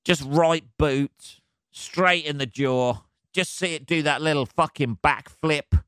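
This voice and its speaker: Bright, crisp-voiced sweary man. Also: fairly high pitch, slow, no echo, studio quality. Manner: sweary, animated, laughs a lot. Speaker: podcast host. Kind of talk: solo comedic rant.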